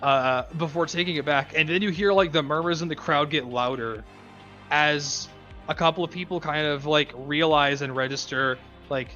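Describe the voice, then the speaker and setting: A man's voice: a little high, normal speed, bright, forceful tone, dull audio, faint music behind. A man running a tabletop role-playing game as game master, narrating casually with many fillers. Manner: loose, filler-heavy storytelling.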